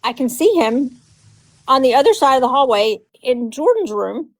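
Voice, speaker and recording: A middle-aged grandmother chatting casually, telling lively family stories and acting out the voices of the people in them. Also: high-pitched, moderate pace. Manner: animated, acts out quotes in voices, laughs often. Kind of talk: casual storytelling chat.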